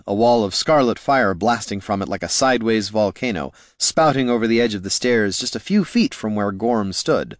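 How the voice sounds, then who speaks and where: A man reading a fantasy story aloud as an expressive, measured audiobook narrator. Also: fairly low pitch, dry recording, clean studio sound. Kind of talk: scripted narration.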